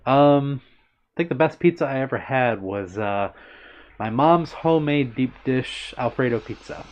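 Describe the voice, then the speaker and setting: Reading his chat, a livestream host talks casually and cheerfully, calling out viewers by name. He speaks at medium pitch with an expressive delivery and measured pace, captured in dull, lo-fi audio.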